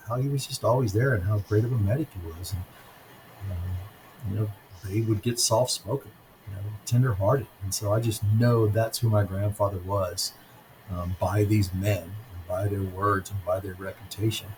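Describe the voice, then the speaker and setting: Hesitant fifty-something man, low voice. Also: darkish tone, a little hiss or hum, rough recording. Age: 50s. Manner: halting, frequent ums and restarts. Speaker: author and podcast guest. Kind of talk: conversational interview storytelling.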